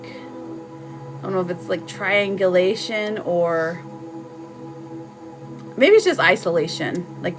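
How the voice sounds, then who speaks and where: A woman's voice: lowish voice, gravelly, rough recording. Woman, tarot reader, chatty live stream, reads comments, laughs often, music behind.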